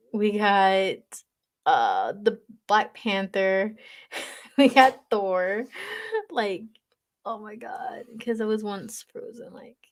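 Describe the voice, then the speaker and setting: A woman chatting casually with viewers on a livestream, teasing them and reading their comments aloud. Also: mid-range voice. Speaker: livestream reader.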